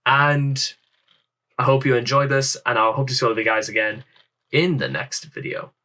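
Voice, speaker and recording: A man hosts a casual reaction video, reading from an article before drifting into loose, rambling commentary. His voice is bright and forceful and sits at an ordinary middle pitch. He keeps addressing his viewers as ladies and gentlemen. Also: normal speed.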